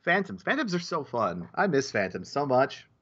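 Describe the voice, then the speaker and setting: A man of middle pitch chatting loosely on a podcast, circling back and restarting his sentences as he goes. The sound is dull and lo-fi, with the top end rolled off. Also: sing-song, normal speed, fairly bright tone. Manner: rambling, with many restarts and repeated words. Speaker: podcast co-host. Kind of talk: casual podcast chat.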